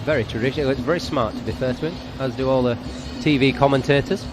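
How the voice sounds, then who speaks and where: A man with a Northern English accent adding expert cricket co-commentary with dry, teasing humour. His pitch sits in a plain middle range. Clear outdoor traffic noise sits under his voice. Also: fast. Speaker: radio cricket pundit.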